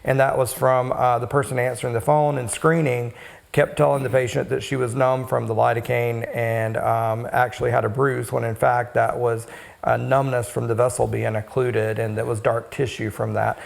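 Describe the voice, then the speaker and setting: A man who works as a cosmetic injector, co-hosting an educational podcast and explaining steadily with frequent pauses. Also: medium pitch, level tone, creaky.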